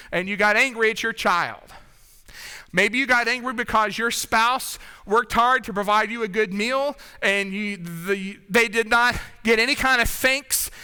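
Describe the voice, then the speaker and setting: In a church sanctuary, a man gives a sermon in a smooth, clear voice that is very high and very bright. He keeps it conversational, regularly checking in with his congregation, as a long reverb lingers behind him.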